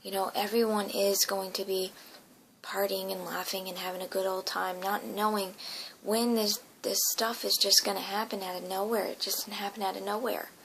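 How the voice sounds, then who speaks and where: A woman's voice: medium pitch, flat delivery, moderate pace, gravelly, a bit bright, slight background noise, rough recording. A woman earnestly recounting a dream as a personal testimony, emotional and often dropping into a whisper.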